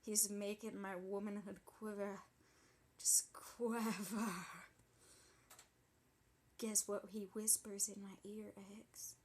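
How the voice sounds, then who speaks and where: A woman's voice: mid-range voice, completely flat delivery, moderate pace, few pauses, a little mellow, natural voice. Woman playing sassy gossiping young woman. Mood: dramatic gossip. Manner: breathless, indignant, gossipy storytelling. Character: sassy dramatic young woman telling a wild story. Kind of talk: comedic character monologue.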